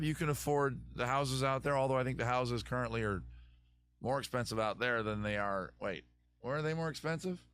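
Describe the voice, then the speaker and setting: A man's voice: medium pitch, fairly quick, fairly bright tone, clear, resonant tone, no room sound. A man hosting a comedy advice show, rambling and digressing in casual self-mocking chat, his voice a bit worn out after weekend shows. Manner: digressive, self-mocking, drops into a put-on Southern lawyer voice. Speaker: comedy podcast host. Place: his home in a city.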